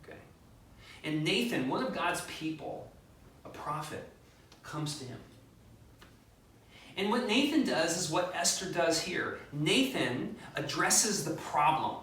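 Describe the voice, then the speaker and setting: A man preaching a conversational sermon as pastor, animated, acting out quotes and making joking asides. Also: a little high, takes it slowly, long pauses, slight background noise. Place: church sanctuary. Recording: very echoey, distant mic.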